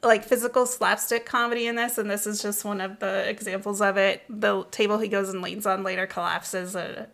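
Bright-voiced excitable young woman chatting. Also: mid-range voice, creaky. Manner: fast, excitable, laughs often. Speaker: podcast host. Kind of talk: casual film-recap chat.

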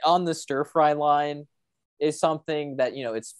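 A man's voice: on the high side, fairly even intonation, moderate pace, smooth, dry recording. A young college-age man telling meandering, crude, funny stories to a friend. He talks in a loose, chatty way over a video call. His voice sounds dry and close. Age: young adult. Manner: rambling, joking storyteller with crude humor. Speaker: college student. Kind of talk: casual chat.

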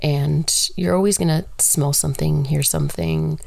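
A woman's voice: deep voice, steady tone, moderate pace, gravelly, a little mellow. A woman talking through a casual solo monologue, candid and rambling, swearing freely.

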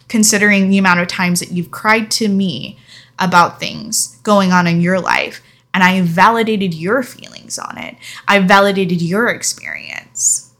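A young woman tells a personal story straight to camera in a candid vlog. She speaks frankly and with feeling, and now and then she swears. Her voice is bright and has an edge of tension, at a middle pitch for a woman. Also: a little slow. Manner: frank, emotional, casual swearing. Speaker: vlogger.

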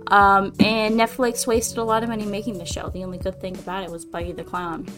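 A woman co-hosting a casual podcast, blunt and quick to swear, often laughing as she talks. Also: medium pitch, flat delivery, fairly bright tone, soft background music. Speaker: podcast co-host. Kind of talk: casual chat.

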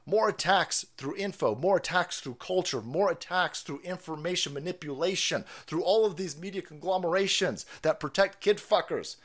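Man, high voice, profane livestream rant, mocking, shouty then muttering. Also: normal speed, few pauses. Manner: loud, mocking, swings between shouting and low muttering. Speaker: political commentary streamer. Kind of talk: profane ranting livestream commentary.

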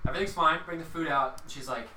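A man's voice: fairly high pitch, quick pace, noisy background. A young man, a restaurant server, telling a story in casual chat, rambling with lots of fillers and quoted dialogue. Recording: echoey room, mic at a distance.

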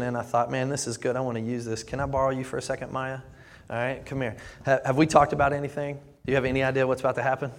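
A male pastor preaching a sermon in earnest, often repeating his words as he builds up. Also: medium pitch. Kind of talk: sermon with live demonstration. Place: church sanctuary. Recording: long reverb of a church hall.

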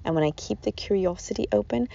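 A woman's voice: mid-range voice, fast, creaky, warm tone. A woman hosting a podcast, giving an earnest, rambling self-help talk that repeats its phrases, in a dull lo-fi recording. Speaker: podcast host.

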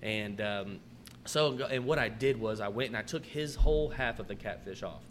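A man's voice: on the low side, normal speed, fairly bright tone, slight background noise. A man, hosting a podcast and telling restaurant stories in a laid-back, profane, casual way, acting out his customers. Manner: laid-back, swears freely, acts out customers' lines. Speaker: podcast host, restaurant manager. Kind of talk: casual storytelling chat.

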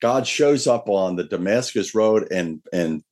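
Male pastor, low voice, earnest sermon delivery with slow scripture readings. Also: animated, a little mellow. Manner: earnest preaching, slows and lifts his voice when reading scripture.

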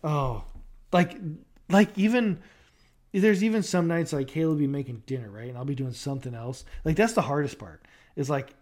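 A man's voice: on the high side, normal speed, a little mellow. A young man co-hosting a podcast in casual chat, rambling with lots of fillers and restarts. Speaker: podcast co-host.

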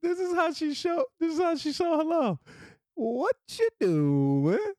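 A middle-aged man hosting a casual solo podcast, animated and often laughing, dropping into low murmurs and jumping into excited high bursts. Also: fairly quick, no room sound, clean studio sound. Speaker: podcast host.

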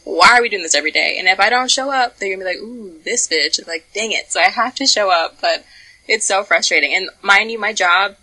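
A woman's voice: mid-range voice, brisk, poor audio. A young woman co-hosting a podcast, chatting candidly with lots of swearing and playful storytelling. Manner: candid, profane, lively storytelling with laughs. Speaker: podcast co-host. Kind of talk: casual podcast chat.

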